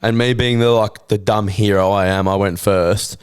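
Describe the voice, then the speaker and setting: A man's voice: lowish voice, steady tone, moderate pace, clear, resonant tone. A man in his twenties with an Australian accent, co-hosting a podcast and telling a story in a laid-back, blunt way, swearing freely. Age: 20s. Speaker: podcast co-host. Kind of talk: casual storytelling chat.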